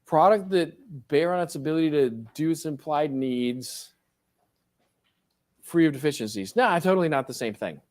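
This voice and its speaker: A man's voice: on the high side, normal speed, darkish tone. Middle-aged man as a professor, lecturing loosely, tossing questions to the class. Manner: casual, joking, asks the class questions.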